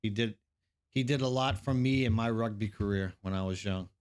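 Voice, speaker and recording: A man's voice: on the low side, brisk, clear, resonant tone. A man streaming a game live, chatting casually and rambling to his viewers, calling them by name.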